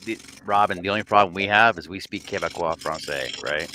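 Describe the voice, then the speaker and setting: A man's voice: sits low, fairly quick, background noise. A man from Canada hosting a casual livestream chat, reading viewer comments with jokes and frequent laughter. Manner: laughs often, jokey. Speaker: livestream host.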